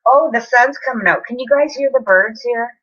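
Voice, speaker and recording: A woman's voice: a little high, moderate pace, fairly bright tone, muffled recording. A woman chatting casually with viewers on a live stream, apologetic and talking straight to her chat.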